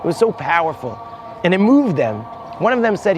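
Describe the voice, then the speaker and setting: A man's voice: sits high, very animated, brisk, darkish tone, lo-fi sound, a little hiss or hum. A man, a rabbi, telling a heartfelt story on location outdoors at a holy site. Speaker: rabbi and guide.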